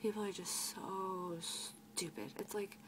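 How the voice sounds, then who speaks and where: A woman's voice: mid-range voice, steady tone, takes it slowly. Exasperated teenage girl venting with faint hiss. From United States. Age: teens. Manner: exasperated, sarcastic, swears freely, quotes customers in mocking voices. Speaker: grocery cashier. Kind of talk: venting vlog rant.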